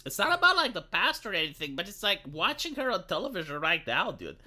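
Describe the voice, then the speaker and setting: Man, from Romania, streamer host, mocking, animated, high voice, very bright tone. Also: fast. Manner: animated, mocking, puts on impressions. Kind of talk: casual political banter.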